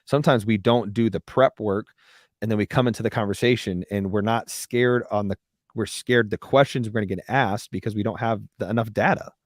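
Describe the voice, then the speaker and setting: A young adult man co-hosting a casual podcast, talking in a quick, loose conversational way. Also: lowish voice, fairly even intonation, no room sound, clean studio sound. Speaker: podcast co-host.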